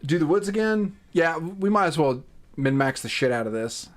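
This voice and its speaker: A man's voice: fairly high pitch, expressive, normal speed. A man streaming live, reading a game's text aloud in a casual, chatty way with swearing and asides.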